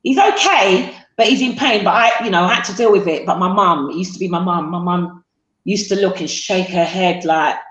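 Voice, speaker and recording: A middle-aged woman, a guest on a talk show, tells her son's story haltingly with many fillers. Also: on the low side, fairly bright tone. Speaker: guest, mother of a man with sickle cell. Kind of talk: emotional interview storytelling. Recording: roomy echo.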